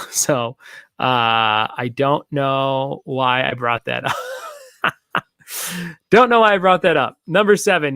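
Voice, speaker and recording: A man's voice: medium pitch, sharp tone, no room sound, clean studio sound. A man hosting a casual online trivia night, chatting in long rambling asides and repeating each question. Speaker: trivia host.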